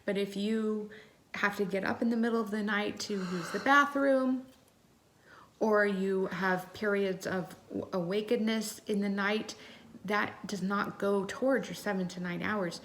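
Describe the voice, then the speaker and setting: A woman's voice: medium pitch, steady tone, unhurried, a bit bright, a little hiss or hum. A woman co-hosting a casual podcast, talking in a chatty way with many ums and self-corrections. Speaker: podcast co-host.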